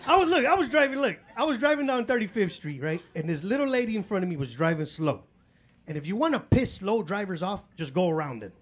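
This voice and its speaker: A man's voice: high-pitched, animated, fast talker. A man in his forties from Chicago doing a stand-up comedy set in a club, with loose, profane street talk full of fillers.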